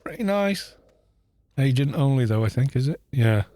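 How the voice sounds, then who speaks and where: This Welsh-accented man from Wales has a warm, medium-pitched voice with lively intonation and a normal speaking speed. Streaming a game live, he keeps the chat casual, rambling along with joking asides.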